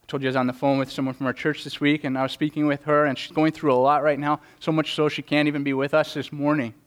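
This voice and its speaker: An earnest man preaching to his congregation, his voice sitting a little on the high side. He presses each point by repeating words, and now and then lifts his voice to act out a quoted prayer. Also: flat delivery, fast talker. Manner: acts out quoted prayers in a raised voice. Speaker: pastor. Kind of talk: sermon.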